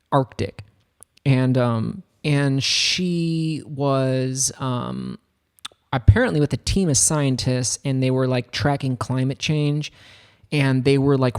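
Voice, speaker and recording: A man's voice: medium pitch, darkish tone. Rambling upbeat American man. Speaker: music producer streaming a tutorial. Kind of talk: casual livestream chat. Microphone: studio microphone.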